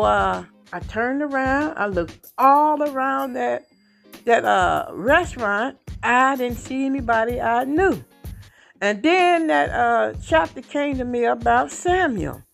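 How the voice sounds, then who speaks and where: A woman podcast host telling a personal faith testimony in a halting way, repeating words and rising in pitch when excited. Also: vocal fry. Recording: faint music behind.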